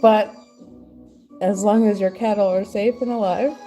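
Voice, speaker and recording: A young woman talks casually to her stream as she crafts at home. She rambles from one topic to the next with a joking, easily amused manner, at an ordinary middle pitch. Soft music plays quietly underneath. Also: steady tone. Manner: rambling, joking, quick to laugh. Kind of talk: casual chat while crafting on a livestream. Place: at home, moving furniture.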